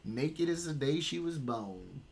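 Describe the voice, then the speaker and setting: A man's voice: fairly high pitch, animated, measured pace, vocal fry, noisy background. A man streaming casual reaction commentary, blunt and swearing often, sometimes reading messages aloud.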